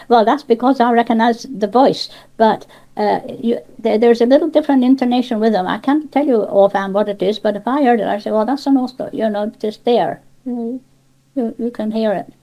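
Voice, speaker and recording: An older Cornish woman with a slightly high, warm voice speaks at a normal pace in an interview about dialect. She rambles, restarting often and drifting into asides, her Cornish accent clear on a rough cassette-tape recording.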